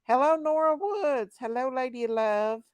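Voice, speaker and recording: A woman's voice: high-pitched, moderate pace, a little mellow, a little hiss or hum. A woman hosting a live online panel, talking heatedly and greeting viewers by name as she goes. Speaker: livestream panel host. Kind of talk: casual live chat.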